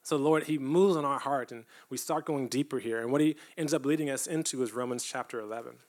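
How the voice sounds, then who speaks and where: A man's voice: medium pitch, fast talker. A man giving a testimony-style sermon to a church, talking earnestly and conversationally and at times building up to emphatic preaching. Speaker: church speaker.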